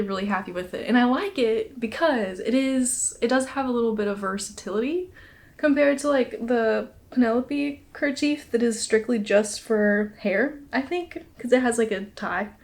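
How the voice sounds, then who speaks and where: Young woman, casual chatty podcast host, slightly winded, laughs a lot, fairly high voice. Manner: chatty, laughs often, many fillers. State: a little out of breath. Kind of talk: casual chat.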